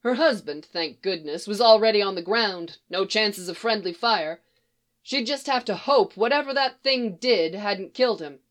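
A woman reading fiction aloud in a steady, expressive storytelling manner. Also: medium pitch, moderate pace. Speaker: reader.

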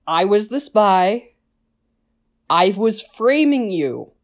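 A woman's voice: medium pitch, sing-song, slow pace. A woman voicing a worn-out, battered male former imperial spy, talking bluntly and over-explaining in a casual retelling. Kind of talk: casual retelling with quoted voices.

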